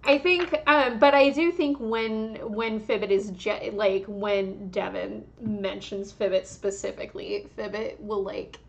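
A woman's voice: mid-range voice, steady tone, unhurried, vocal fry, hardly any pauses, muffled recording. A woman playing a tabletop game, speaking hesitantly as she describes her shy character. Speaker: player. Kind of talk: casual tabletop play.

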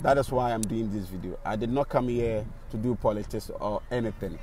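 A man's voice: on the low side, brisk, dark tone, slight background noise. A Ghanaian man, a radio presenter, giving indignant on-the-spot video commentary on a city street, repeating rhetorical questions.

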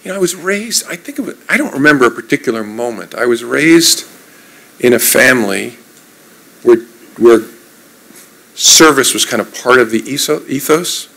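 Guest speaker, man in his 50s, gravelly voice, easygoing anecdotes with dry self-mockery. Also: mid-range voice, moderate pace, poor audio. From New Jersey. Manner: relaxed, anecdotal, self-deprecating humor. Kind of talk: storytelling in an onstage conversation.

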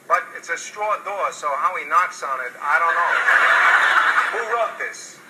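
A man doing a deadpan comic storybook reading as a TV guest, with halting, clipped phrasing and odd stresses. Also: a little high. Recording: loud noisy TV capture.

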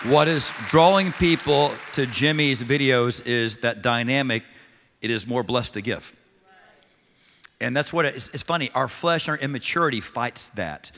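Male pastor, blunt sermon, bright forceful tone, reverberant church hall. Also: medium pitch, moderate pace, slight background noise. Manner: direct, blunt, jokey asides. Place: large church auditorium. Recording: long reverb of a large hall.

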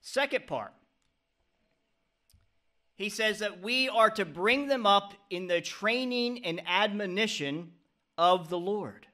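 Middle-aged male pastor, high bright voice, earnest preaching with call-and-response "Amen?" checks. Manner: preaching with frequent "Amen?" calls to the congregation. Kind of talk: sermon.

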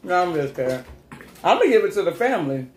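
A woman hosting a casual eating chat, teasing and lively with frequent laughs. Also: on the low side, fast. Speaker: mukbang host. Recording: echoey room with faint noise.

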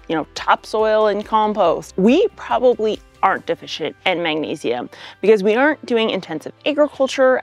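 A woman with a Canadian accent and a hoarse voice, explaining gardening in a casual, upbeat video with joking asides. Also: mid-range voice, no echo. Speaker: gardening educator.

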